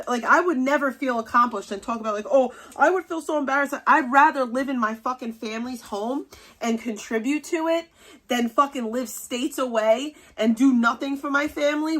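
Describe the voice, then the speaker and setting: Young woman streamer going off on someone, swearing nonstop, kinda high-pitched. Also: fairly bright tone. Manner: angry, profane, scolding. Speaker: livestream host. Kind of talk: ranting livestream commentary.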